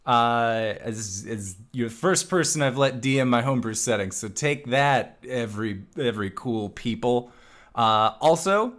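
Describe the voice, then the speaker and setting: Man, mid-pitched, casual game master, a bit breathless, loose and chatty. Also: animated, measured pace, a bit bright. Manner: chatty, rambling, laughs often. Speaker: dungeon master. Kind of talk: casual stream intro for a tabletop game.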